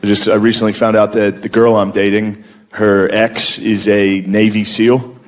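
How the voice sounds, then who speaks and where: A man's voice: fairly low pitch, little pitch movement, normal speed. A man in his thirties doing a stand-up set, telling profane, self-mocking stories on a comedy club stage. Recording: echoey venue, loud crowd and noise. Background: audience laughter.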